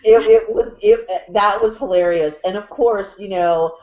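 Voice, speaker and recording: A woman's voice: mid-range voice, normal speed. A woman co-hosting a casual sports chat, rambling with lots of fillers and restarts. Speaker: co-host. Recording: dull lo-fi audio.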